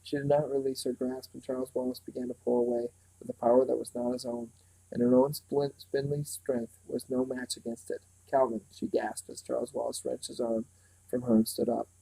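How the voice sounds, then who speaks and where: A man reading a novel aloud at a steady pace, with small slips and restarts. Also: medium pitch, a little fast, creaky, breathy edge, poor audio. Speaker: reader.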